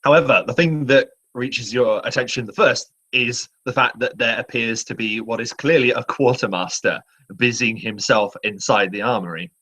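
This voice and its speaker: A man's voice: medium pitch, moderate pace, sharp tone. A man narrating scenes as game master, describing things with many fillers.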